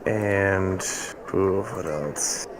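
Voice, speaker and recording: A man at a tabletop game, recounting events in character in a halting way. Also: low-pitched, rough recording. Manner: halting, many ums and laughs. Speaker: player.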